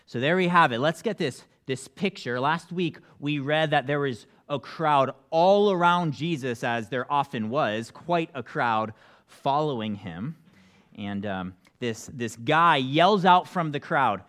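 A male pastor preaching a relaxed sermon. He reads scripture aloud, then talks it through in an easygoing, conversational manner, with fillers and restarts along the way. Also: medium pitch, measured pace.

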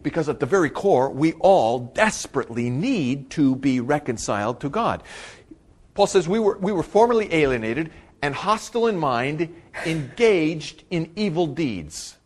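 A man preaching a sermon. He swings from loud, emphatic bursts to quiet asides and repeats his key phrases for weight. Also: a little high, sing-song, normal speed. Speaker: pastor.

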